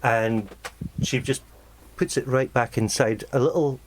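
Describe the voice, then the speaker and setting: A game master narrating a tabletop game, halting and full of ums. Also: mid-range voice. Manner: hesitant, lots of ums and restarts.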